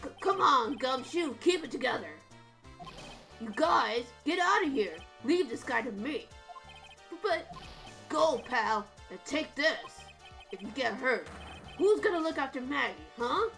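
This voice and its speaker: A woman voicing a loyal, earnest male police detective who rallies loudly, read from a video game. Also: high voice, expressive, unhurried, creaky, soft background music, exaggerated voice. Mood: heroic.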